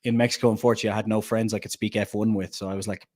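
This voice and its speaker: A man's voice: lowish voice, little pitch movement, racing, darkish tone. A man with an Irish accent, a guest chatting casually on a podcast and telling stories with frequent laughs. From Ireland. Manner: chatty storyteller, laughs often. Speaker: guest, documentary maker.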